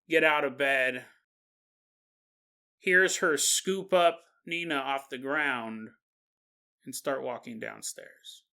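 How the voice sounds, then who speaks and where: Slow-talking, bright-voiced man telling a story. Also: a little high. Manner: animated, acts out the characters in the story. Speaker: podcast host. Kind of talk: storytelling narration.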